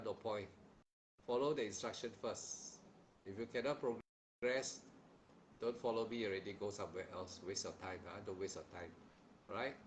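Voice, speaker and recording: A man giving a dharma talk teaches meditation in a stern, admonishing tone, repeating himself and tagging lines with "huh?". He uses plain, simple wording, repeating phrases and restarting sentences, in a fairly low voice. The audio is poor with slight background noise.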